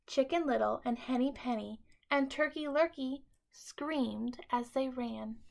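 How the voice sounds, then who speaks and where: Female teacher reading a storybook aloud, slow and bright, with a gravelly edge. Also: high-pitched, a little hiss or hum. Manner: expressive, dramatic read-aloud.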